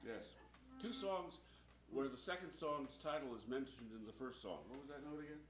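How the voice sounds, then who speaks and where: A man's voice: medium pitch, normal speed, soft background music. A man who sings in a folk band, making dry, wry quips between songs on stage. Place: live music venue with an audience. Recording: echoey live room with loud crowd.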